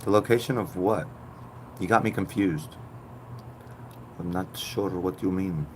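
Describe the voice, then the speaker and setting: A man in his thirties, originally from Puerto Rico, chats casually with viewers on a stream, joking and then dropping into quiet asides. His voice sits fairly low, and a faint hiss stays in the background. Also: a little slow. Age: 30s. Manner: joking, swings between loud bursts and low mutters. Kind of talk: casual live-stream chat.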